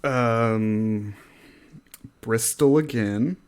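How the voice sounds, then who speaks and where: Slow, wry male podcast co-host. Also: medium pitch, darkish tone, smooth. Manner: slow, wry and self-deprecating, trails off with laughs. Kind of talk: casual chat.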